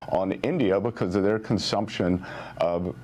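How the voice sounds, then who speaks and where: A man speaking as a government official in a televised interview, measured and steady. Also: low voice.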